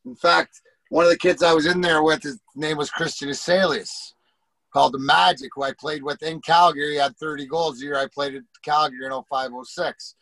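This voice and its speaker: A middle-aged former hockey player rambles through profane locker-room anecdotes and acts out what his teammates said. His voice sits a little high. The sound is dry and close to the mic. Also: steady tone, a little fast, a bit bright, dry recording, low-quality recording. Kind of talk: casual storytelling.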